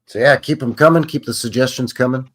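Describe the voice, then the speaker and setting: A man's voice: mid-range voice, a little fast. A man with a Canadian accent co-hosting a show, chatting casually and joking around in easy banter. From Western Canada. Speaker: podcast co-host. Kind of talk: casual chat.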